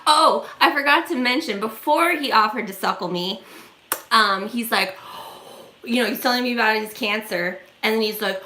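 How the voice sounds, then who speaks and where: Bright-voiced woman rambling in an echoey room. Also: medium pitch, moderate pace. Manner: rambling, filler-heavy, chatty. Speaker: vlogger on a livestream. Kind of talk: casual storytelling.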